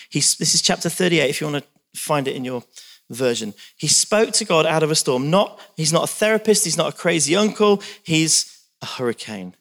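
A man's voice: on the high side, fairly bright tone. A man preaching a sermon, reading scripture aloud with dramatic emphasis and talking to the congregation.

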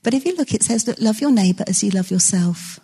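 A woman's voice: medium pitch, lively intonation, fast, warm tone, husky. A woman preaching a sermon in a conversational, self-deprecating way, telling stories to her congregation.

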